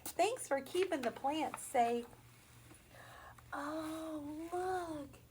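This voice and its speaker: A woman's voice: high-pitched, darkish tone, a little hiss or hum. A woman teacher reading a picture book aloud to young children, stopping to ask questions and make animal noises. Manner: slow, sing-song storytelling with questions and animal noises.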